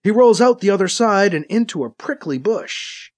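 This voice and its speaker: A man's voice: high voice, normal speed. A man narrating an action scene in an audiobook, voicing the sound effects himself. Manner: animated, with voiced sound effects.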